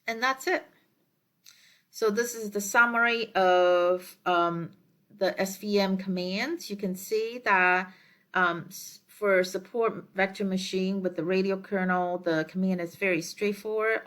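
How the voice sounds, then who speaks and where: A woman lecturer explaining her slides in a measured way, with frequent ums and uhs as she works through each step. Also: medium pitch, fairly even intonation, fairly bright tone.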